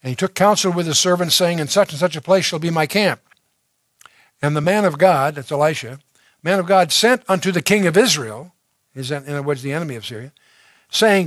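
A man's voice: a little high, brisk, fairly bright tone, no room sound. A man teaching through a Bible passage verse by verse, reading scripture aloud and then explaining it in a conversational way, with fillers and restarts.

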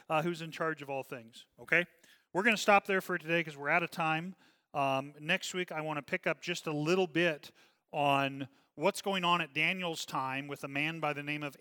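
A man's voice: a little high, pushed and bright, in a large hall. A man leading a Bible study as pastor, earnest and often checking in with "okay?".

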